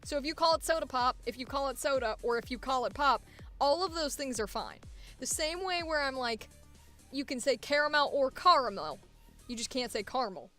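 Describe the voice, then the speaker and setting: A woman's voice: high-pitched, animated, a little fast, a bit bright, faint music behind. Chatty woman voice actor rambling casually. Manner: rambling, chatty, laughs often, many fillers. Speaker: voice actor host. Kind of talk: casual chat.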